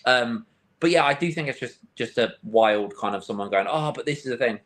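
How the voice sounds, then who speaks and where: A man's voice: mid-range voice, a little fast, a bit bright. A man co-hosting a casual film podcast, telling rambling stories and quoting his own reactions. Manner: rambling storyteller, restarts, quotes himself. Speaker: podcast co-host. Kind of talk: casual chat.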